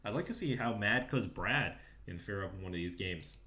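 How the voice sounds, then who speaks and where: A man giving steady play-by-play commentary on an esports match. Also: lowish voice, moderate pace. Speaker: esports caster.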